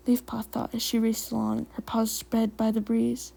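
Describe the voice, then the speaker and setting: Woman narrating with a gravelly edge. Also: fairly high pitch, moderate pace, poor audio. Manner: relaxed, giggly, self-deprecating. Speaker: fan fiction reader and channel host. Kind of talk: storytelling narration and casual sign-off.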